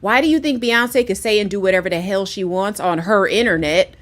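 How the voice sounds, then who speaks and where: This woman, a guest on a laid-back livestreamed panel, talks briskly in a medium-pitched voice through a video call. She comes across as candid and emphatic and keeps restarting what she's saying.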